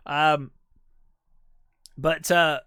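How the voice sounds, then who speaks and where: A man's voice: fairly high pitch, fairly even intonation, extremely slow, bright, forceful tone, smooth, dry recording, studio quality. A man co-hosting a podcast, casually retelling a film's plot in a rambling way, full of fillers and restarts. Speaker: podcast co-host. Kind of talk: casual film recap chat.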